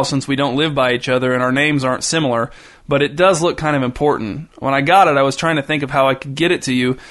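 A man voicing Alex, a jittery young man turned amateur hostage-taker, insistent and prone to shouting, in a storybook reading. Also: mid-range voice, close to an everyday voice.

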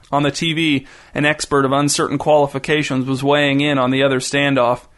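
A man narrating an audiobook in a dry, deadpan way. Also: mid-range voice, a little fast.

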